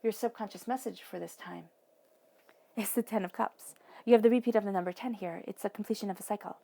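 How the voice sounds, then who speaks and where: Woman, tarot reader, gravelly mellow tone, soothing delivery with whispered emphasis. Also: mid-range voice, quick pace. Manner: playful asides, acts out voices in quotes. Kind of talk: intuitive tarot reading monologue.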